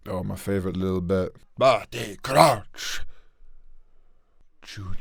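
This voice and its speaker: A man's voice: on the low side, lively intonation, takes it slowly, vocal fry, no echo. A man hosting a casual comedy impressions video who comments on his own attempts in a chatty, self-mocking way.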